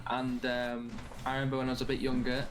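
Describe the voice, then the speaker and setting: A man's voice: medium pitch, completely flat delivery, fast talker, slight background noise. A man, a streamer guest telling rambling stories with swearing in a casual podcast chat. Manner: rambling anecdotal storytelling with frequent swearing.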